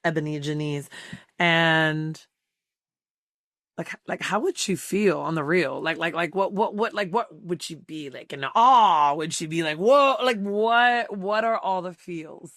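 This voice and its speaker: A woman hosting a podcast, asking questions in a relaxed, slangy way with lots of filler words. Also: low voice, a little slow, no echo, studio quality. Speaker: podcast host. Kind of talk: casual interview chat.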